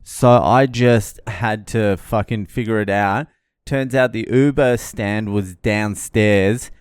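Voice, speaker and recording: A middle-aged vlogger with a fairly low, clear and resonant voice recounts a stressful arrival in a casual travel vlog, recorded in studio quality with no echo. His storytelling is animated and full of swearing.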